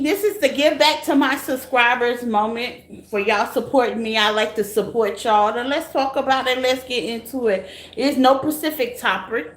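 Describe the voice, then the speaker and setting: A woman hosting a casual live tarot reading, talking to her viewers. She laughs often and bursts into loud exclamations. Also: on the high side, echoey room.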